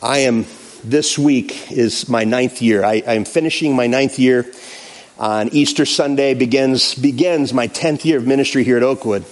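A pastor telling a personal story in a sermon, acting out the quotes in an animated way. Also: male voice, medium pitch, moderate pace.

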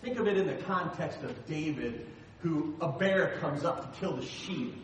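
A man preaching a sermon as pastor in a church, swinging between loud emphatic lines and soft asides. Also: a little high, normal speed, far from the mic, a little hiss or hum. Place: church sanctuary. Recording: very echoey hall, voice from afar.

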